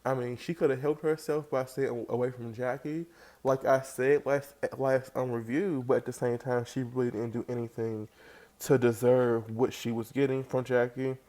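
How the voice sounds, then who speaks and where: A man giving a casual, animated recap of a reality TV episode, jumping into high voices to act out what the cast said. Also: moderate pace. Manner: animated, acts out quoted lines in raised voice. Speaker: reality TV reviewer.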